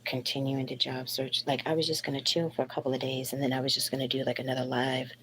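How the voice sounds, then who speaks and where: Low-voiced woman, sick with flu, blunt, profane, rambling phone live stream from home. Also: flat delivery, fast talker, fairly bright tone, a little hiss or hum. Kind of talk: casual live stream venting. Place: at home at night.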